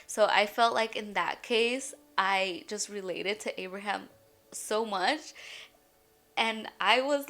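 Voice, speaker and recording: A woman's voice: medium pitch, takes it slowly, pushed and bright, faint music behind. A young woman sharing an emotional faith testimony in a rambling, chatty way, shaky and near tears at times. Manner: tearful, breaks into shaky laughs and crying; rambling, full of "like" and "you guys". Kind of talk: emotional personal testimony vlog.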